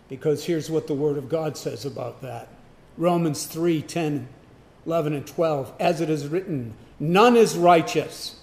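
A man preaching a sermon, emphatic, swinging from loud declarations to hushed asides. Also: fairly high pitch. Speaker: pastor.

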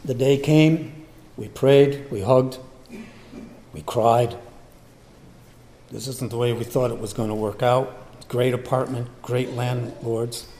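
An older man telling a personal testimony in an unhurried way, acting out remembered conversations. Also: medium pitch, steady tone, dark tone, a little hiss or hum. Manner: unhurried, acts out remembered dialogue. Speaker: storyteller. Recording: long hall reverb, faint ambience.

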